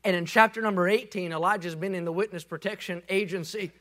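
A male preacher delivering a lively sermon with folksy humor and shouted peaks. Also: high-pitched, fast talker.

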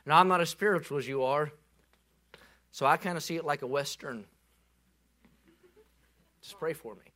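Male preacher, folksy and animated, high bright voice that breaks into shouts. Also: normal speed. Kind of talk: sermon.

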